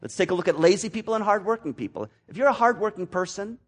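Male pastor, sermon delivery, husky tone, lively swings from loud to hushed. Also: high voice, fast talker. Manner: animated, acts out voices in quotes, swings from loud to near-whisper.

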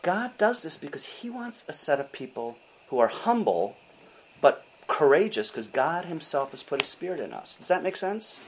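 An older man preaching a sermon in an animated, conversational way, often asking his listeners questions. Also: on the high side, normal speed, a little hiss or hum, rough recording.

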